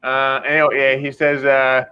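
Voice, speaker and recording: A man hosting a live video-call interview who speaks haltingly with many fillers and reads out viewer comments. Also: mid-range voice, completely flat delivery, smooth. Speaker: host. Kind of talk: casual live-stream interview. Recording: dull lo-fi sound.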